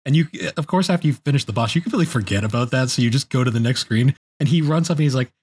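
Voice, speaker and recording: A man's voice: mid-range voice, expressive, rapid-fire, a little mellow, slightly rough. A man appearing as a podcast guest, chatting in a laid-back way and laughing easily. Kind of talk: casual chat.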